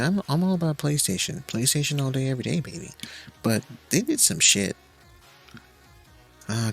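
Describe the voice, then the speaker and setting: A man's voice: medium pitch, creaky, a bit bright, slightly rough. A young man streaming a game, rambling in a casual, profane, jokey way. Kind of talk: casual live-stream chat while gaming.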